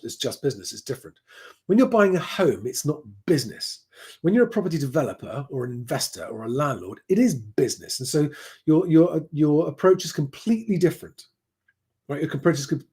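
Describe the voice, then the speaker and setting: A man's voice: fairly high pitch, darkish tone, breathy edge. A man hosting a casual live stream at home, rambling and chatty as he answers viewer comments, often restarting his sentences. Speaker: livestream host reading viewer comments.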